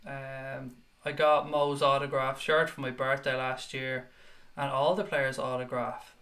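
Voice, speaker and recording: A man's voice: medium pitch, little pitch movement, a little slow, pushed and bright. A young male host of a live fan chat show, talking in a loose and unscripted way. He is blunt and salty, swearing freely as he reads viewers' comments aloud and answers them. His voice sits in an ordinary middle range.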